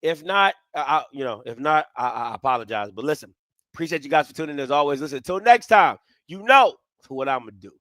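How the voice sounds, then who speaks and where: A man's voice: a little high, lively intonation, quick pace, a bit bright, dry recording, studio quality. A man hosting a live reaction stream, talking in a blunt, slangy, joking way with lots of energy. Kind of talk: casual live reaction commentary.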